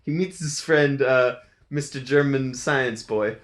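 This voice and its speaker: In a casual chat, a man retells a film's story, giggling often and playfully voicing the lines in silly ways. He speaks slowly in a mid-range voice that is a bit bright.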